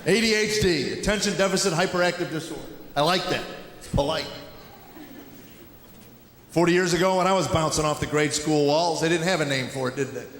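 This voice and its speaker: A middle-aged man from Tennessee working a live stage with a dry, deadpan storytelling manner, slipping into quick acted-out quotes. His voice sits fairly high for a man. It rings through a large echoey hall with a long tail, and the audience is clearly heard behind him. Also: slight background noise. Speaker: stand-up comedian. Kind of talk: stand-up routine.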